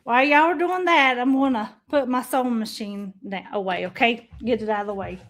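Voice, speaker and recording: A woman hosting a casual livestream, chatting warmly to her viewers and calling them y'all. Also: a little high, fairly quick. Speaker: livestream host.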